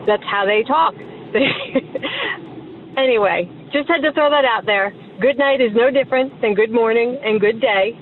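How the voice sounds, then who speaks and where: A woman's voice: a little high, a little slow, phone-quality sound, slight background noise. A woman giving a playful, mock-serious comment.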